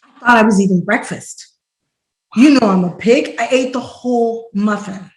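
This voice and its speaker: A woman hosting a podcast in casual chat, telling stories in an animated way and acting out quotes loudly. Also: a little high, moderate pace. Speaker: podcast host. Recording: roomy echo.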